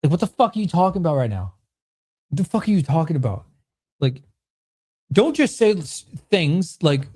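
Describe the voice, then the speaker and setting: Lively ranting man in his thirties. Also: a little high, moderate pace, pauses often, breathy edge. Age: 30s. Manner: excitable, swears a lot, ranting at chat. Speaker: streamer host. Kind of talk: livestream Q&A chat.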